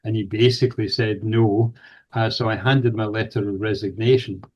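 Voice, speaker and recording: A man's voice: fairly low pitch, fairly even intonation, normal speed, a little mellow. An older man from Scotland with a Scottish accent, a guest recounting a personal anecdote in conversation, with hesitant fillers and restarts as he goes. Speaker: guest, paranormal researcher. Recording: dull lo-fi audio.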